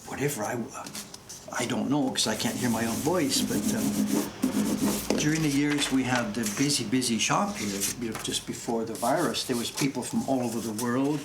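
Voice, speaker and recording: A man's voice: mid-range voice, normal speed. A man in his sixties with a Canadian accent carrying faint English traces, chatting casually and enthusiastically while streaming from his print workshop. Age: 60s. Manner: chatty, enthusiastic, easily amused. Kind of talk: casual live-stream chat. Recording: echoey room with background noise.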